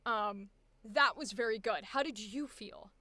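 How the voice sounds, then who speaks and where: High bright woman, animated voice acting coach giving notes, dry sound. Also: a little slow, no room sound. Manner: animated, emphatic, directive. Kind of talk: live directing session.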